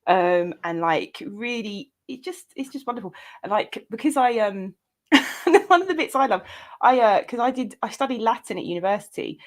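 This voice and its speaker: A woman chatting as a guest, animated and quick to laugh, often acting out scenes she describes. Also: fairly high pitch. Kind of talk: casual chat.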